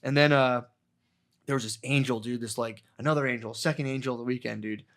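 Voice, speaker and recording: A man on a podcast spins a rambling, foul-mouthed story, jumping into the voices of the people in it. His voice sits at an ordinary middle pitch, and his talk is loose and conversational. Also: steady tone, fast, a bit bright. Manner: rambling, profane, acts out quotes. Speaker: podcast co-host. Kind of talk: casual storytelling chat.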